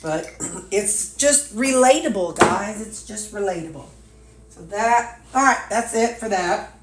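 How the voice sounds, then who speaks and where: A woman's voice: medium pitch, measured pace, very noisy. An older woman, chatting casually and folksily to her viewers while she packs meals in her home kitchen. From Missouri, USA. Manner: folksy, chatty, talks to herself, drawling asides. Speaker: weight-loss vlogger. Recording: echoey kitchen with clattering dishes.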